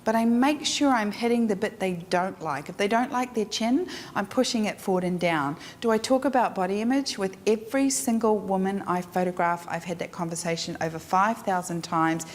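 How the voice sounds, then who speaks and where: A woman teaching a live photography workshop, frank and animated, acting out her clients. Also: mid-range voice, a little fast, hardly any pauses. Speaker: photography instructor. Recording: echoey room with faint noise.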